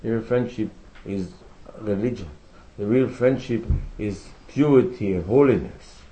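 A man's voice: fairly low pitch, a little slow, dark tone, rough recording. A man teaching a religious class, asking rhetorical questions and quoting Hebrew sources with emphasis. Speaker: rabbi teaching a Torah class. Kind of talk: religious lecture.

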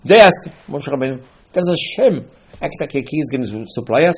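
Husky man teaching a Torah sermon. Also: mid-range voice, lively intonation, brisk. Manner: storytelling, acts out dialogues with rising emphasis. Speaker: rabbi.

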